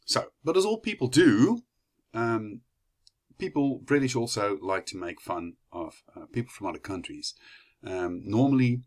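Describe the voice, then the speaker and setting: A man's voice: mid-range voice, animated, measured pace. A young man from the Netherlands with a Dutch accent, giving a chatty class presentation full of fillers and restarts. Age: young adult. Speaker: student presenter.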